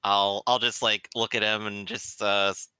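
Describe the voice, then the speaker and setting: A man's voice: lowish voice, little pitch movement, normal speed, pushed and bright, clean tone, dry recording. A man playing a tabletop game, hesitantly describing his character's actions. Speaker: player. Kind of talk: casual tabletop play.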